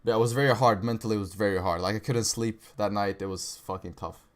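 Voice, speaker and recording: A young man with a low-pitched voice hosts a live trading stream. He chats loosely with viewers, peppering his talk with "bro" and "right" and the odd swear. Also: fairly even intonation, fast. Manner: casual slangy talk, says bro and right a lot, swears. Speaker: livestream trading host. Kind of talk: casual livestream chat reading viewer questions.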